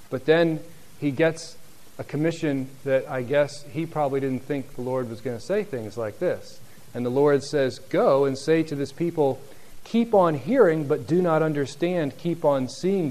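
A man preaching a sermon, reading scripture and acting out the speakers, then growing soft and low at the end. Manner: animated, acts out voices in quotes, drops soft and low near the end. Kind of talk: sermon, Bible teaching.

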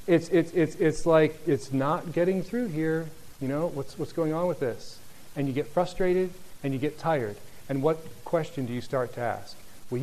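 A man preaching a sermon, reading scripture and acting out the speakers, then growing soft and low at the end. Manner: animated, acts out voices in quotes, drops soft and low near the end. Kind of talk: sermon, Bible teaching.

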